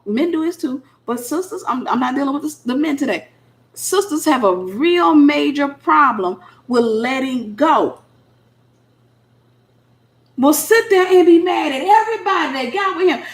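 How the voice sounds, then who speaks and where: A middle-aged woman, preaching informally to single women in a blunt, sassy way and acting out the voices she quotes. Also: sits high. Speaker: minister speaking to single women.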